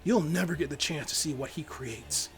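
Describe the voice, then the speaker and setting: A man's voice: fairly high pitch, normal speed, over music, lightly acted. A man voicing a cruel, playful female villain in a storybook reading, with a mocking, teasing delivery. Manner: mocking, teasing sing-song lines.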